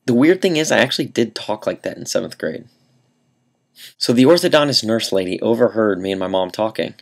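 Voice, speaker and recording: A young man telling a comic story to camera, deadpan and mock-earnest, with dramatic pauses. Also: fairly low pitch, vocal fry. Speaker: vlogger.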